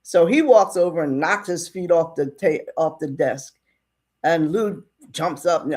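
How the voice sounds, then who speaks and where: A woman's voice: lowish voice, animated, moderate pace, darkish tone. A woman casually retelling a western story in a chatty way, with asides to the listener.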